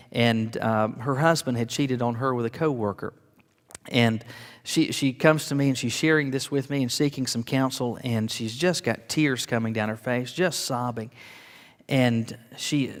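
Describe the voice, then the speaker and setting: A man's voice: mid-range voice, big-room sound. A man preaching a sermon as pastor, earnest and rising to emphatic declarations, often repeating words as he builds.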